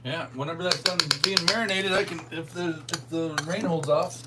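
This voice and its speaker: A man's voice: fairly high pitch, fairly even intonation, normal speed, heavy background noise. A man chatting casually in a home kitchen with brief, laid-back remarks. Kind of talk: casual chat. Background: cutlery and dishes.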